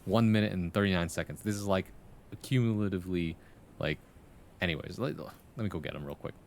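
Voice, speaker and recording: A man's voice: low voice, fairly quick, a little hiss or hum. A man streaming live, chatting casually with viewers, swearing and joking and laughing often. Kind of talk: casual live-stream chat and improvised storytelling.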